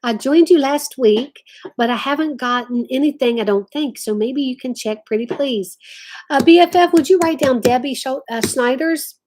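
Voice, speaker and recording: A woman's voice: sits high, moderate pace, a little mellow, a little hiss or hum. A woman hosting a casual craft livestream from home, chatting and reading viewer comments aloud. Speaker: livestream host.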